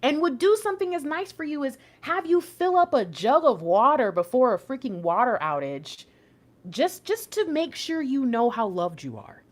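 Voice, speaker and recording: A woman's voice: sits high, sing-song, normal speed. A woman giving a casual, chatty tarot reading, preaching emphatic asides straight to her viewers. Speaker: intuitive tarot reader.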